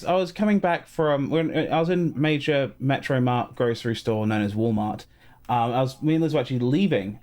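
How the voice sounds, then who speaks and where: This is a man with an average pitch, ranting to his co-hosts on a podcast. He is exasperated and swears a lot. The talk is casual and unscripted. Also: a little mellow. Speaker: podcast co-host.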